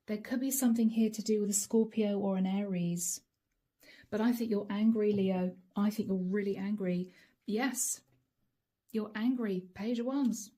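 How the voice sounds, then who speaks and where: A woman gives a channeled tarot reading in a dramatic, emphatic manner, repeating lines as she acts out imagined exchanges. Her voice is mid-range with a dark tone.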